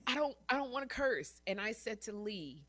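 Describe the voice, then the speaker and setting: A woman's voice: mid-range voice, big pitch swings, moderate pace, fairly bright tone. A woman in her fifties, a guest in a casual interview, telling stories animatedly, acting out quotes and laughing often. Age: 50s.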